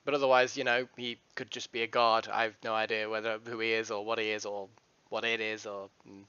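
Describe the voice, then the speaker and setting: A man's voice: lowish voice, flat delivery, brisk, pushed and bright, clear, resonant tone, no room sound, highs cut off. A man playing a tabletop game, chatty and joking as he describes his character's actions. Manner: chatty, jokey. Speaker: player.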